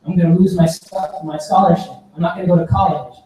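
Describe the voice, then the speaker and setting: A man's voice: high voice, fairly even intonation, fast talker, mellow, natural voice. A man voicing a distraught teenage student who blames himself, in a pleading, despairing way, in an echoey hall from a distant mic.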